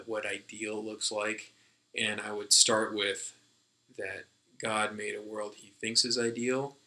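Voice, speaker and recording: A man's voice: lowish voice, gravelly, pushed and bright, rough recording. A man co-hosting a casual discussion, rambling with many fillers and restarts as he thinks aloud. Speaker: podcast co-host.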